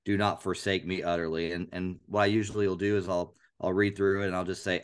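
A man co-hosting a podcast, talking about scripture in an earnest, animated way and repeating phrases aloud to show a point. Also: deep voice, quick pace, few pauses, clear, resonant tone. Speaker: podcast co-host. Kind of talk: casual Bible discussion.

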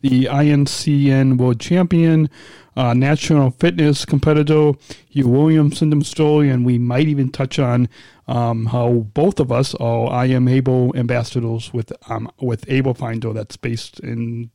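A male podcast host with a mellow, relaxed tone, recorded in a dry, close setting. He talks in a halting, casual way, often restarting and repeating words as he frames his questions. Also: medium pitch, vocal fry, no echo. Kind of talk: casual interview.

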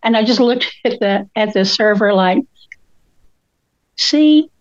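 A woman's voice: medium pitch, moderate pace, no room sound, lo-fi sound. An older woman co-hosting a casual chat, telling stories and acting out the quotes in them. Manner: animated storyteller, acts out quotes. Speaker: co-host.

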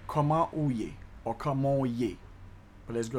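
An upbeat, chatty man from Haiti teaching a casual video language lesson, repeating each word slowly. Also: medium pitch.

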